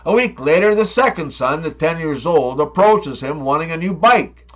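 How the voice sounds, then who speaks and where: A man telling a run of scripted jokes, with deadpan setups and playful punchlines. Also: fairly high pitch, normal speed, muffled recording. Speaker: comedy joke teller. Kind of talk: scripted joke monologue.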